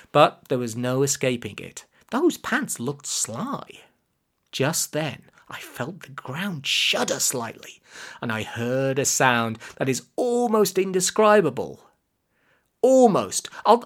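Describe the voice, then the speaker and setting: A woman giving scripted narration of a comic children's story, expressive with deadpan asides. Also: low-pitched. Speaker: audiobook narrator.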